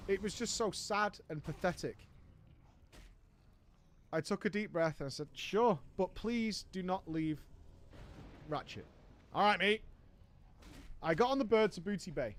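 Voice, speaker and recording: A man's voice: on the high side, a little hiss or hum. A man telling a comic story from an online game, wry and exasperated. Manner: wry, exasperated, often laughing. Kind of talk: comic gaming story narration.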